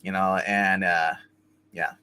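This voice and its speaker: A man's voice: sits low, flat delivery, slow, bright, forceful tone, smooth. A man hosting a casual live-stream comic book review, talking in a loose, rambling way with many restarts and fillers. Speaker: host of a comic review show.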